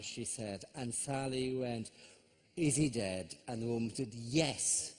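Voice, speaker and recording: Sardonic Irish comedian ranting on stage. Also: male voice, mid-range voice, animated, unhurried, a little mellow. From Ireland. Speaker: stand-up comedian. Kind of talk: stand-up routine. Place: large theatre stage.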